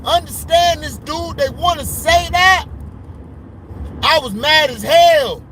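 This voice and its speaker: A man's voice: extremely high pitch, slow pace, fairly bright tone, slight background noise, rough recording. A man from Florida venting in a heated, slangy rant to his live viewers from his car. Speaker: vlogger. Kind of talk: casual ranting vlog.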